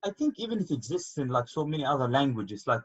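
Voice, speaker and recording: A man's voice: medium pitch, very animated, quick pace, breathy edge. A man teaching an online grammar lesson, patiently explaining with repeated examples. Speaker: Arabic teacher. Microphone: video call. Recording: dull lo-fi call audio.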